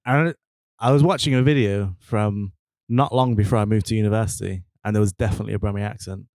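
A young man from Birmingham, a guest on a casual podcast, easygoing and self-deprecating, often halting mid-thought. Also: lowish voice, steady tone, a little mellow, no room sound, studio quality. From Birmingham, England. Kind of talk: casual chat.

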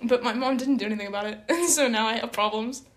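A young woman with a noticeably high voice hosts a casual podcast chat. She rambles through personal stories with plenty of "like" and keeps breaking into giggles as she talks. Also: fast talker. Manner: chatty, laughs through her own stories. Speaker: podcast host.

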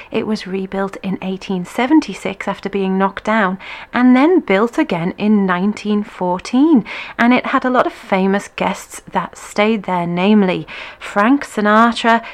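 A woman hosting a dance session, chatting casually and upbeat with viewers and reading their comments aloud. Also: medium pitch. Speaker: dance class host. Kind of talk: casual livestream chat.

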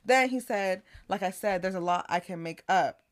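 A woman's voice: medium pitch, moderate pace. A woman co-hosting a podcast, chatting casually, animatedly retelling text messages and laughing often. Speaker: podcast co-host. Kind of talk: casual chat, storytelling.

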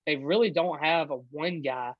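A man talks sports on a podcast in a loose, rambling way, full of ums and restarts. His voice sits a bit high. The sound is dry and dull, like a cheap mic. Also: normal speed, no room sound. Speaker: podcast co-host. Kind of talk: casual sports chat.

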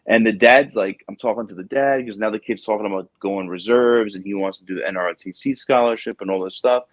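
A man with a low-pitched voice tells a story in a casual chat, acting out each person he quotes. He drops "bro" into his lines often. The sound is close and dry, with no room around it. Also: fast talker, no echo. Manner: animated storyteller, acts out quotes, says "bro". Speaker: podcast host, Marine recruiting staff sergeant.

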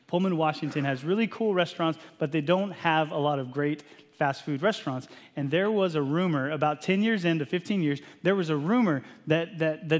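Pastor preaching in a reverberant hall. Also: male voice, fairly high pitch. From Texas. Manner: animated, self-deprecating, acts out family dialogue. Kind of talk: sermon with personal storytelling.

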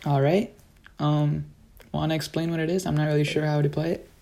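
A man's voice: fairly high pitch, flat delivery, fairly quick, vocal fry, warm tone. A teenage boy chatting casually over a video call, easygoing with dry jabs at his friend. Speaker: co-host. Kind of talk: casual game chat.

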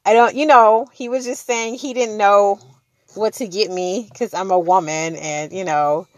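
A woman's voice: medium pitch, steady tone, unhurried, no room sound, dull audio. A woman telling a personal story in casual chat, acting out the dialogue and laughing often.

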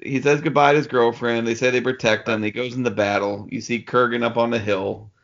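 Gravelly joking man on a podcast. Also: mid-range voice, fairly even intonation, fairly quick, a bit bright, dull audio. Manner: joking, swears freely, laughs often. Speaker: podcast co-host. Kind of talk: casual movie-review chat.

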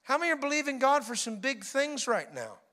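Bright-voiced, animated male preacher. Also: very high-pitched, fairly quick. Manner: animated storytelling, mimics laughter. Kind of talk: sermon.

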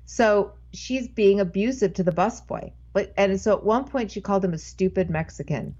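A woman appearing as a podcast guest rambles through a long, casual anecdote, repeatedly breaking off and restarting her sentences. Her voice is warm and medium-pitched at a normal speed, and the recording is slightly dull and lo-fi.

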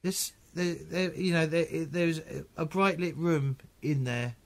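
A man with a fairly high voice narrates a tabletop game as game master. His delivery is halting and full of restarts.

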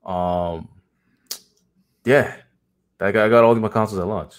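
A man chatting as a guest on a livestream, animated and joking, often tossing in the word "man.". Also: lowish voice, moderate pace, clean tone. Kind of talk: casual chat on a livestream.

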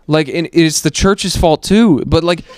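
A young adult man in a casual podcast chat, telling animated stories full of swearing and filler words. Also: on the high side, a little slow, noisy background. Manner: animated storytelling, heavy swearing, many fillers.

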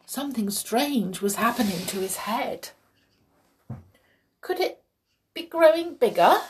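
A woman reading a children's story aloud, expressive and hushed in places. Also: medium pitch. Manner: expressive, hushed and breathy at times.

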